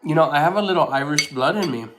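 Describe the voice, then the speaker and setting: A man's voice: on the high side, animated, quick pace, background noise. A man hosting a mukbang, chatting casually while he eats, answering viewer comments and laughing easily. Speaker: mukbang host. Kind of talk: casual live chat while eating.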